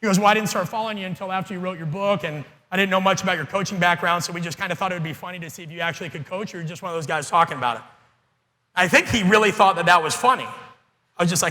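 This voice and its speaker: A man giving an energetic, blunt and profane seminar talk to coaches as a keynote speaker. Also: high-pitched, very fast. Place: conference hall. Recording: long hall reverb.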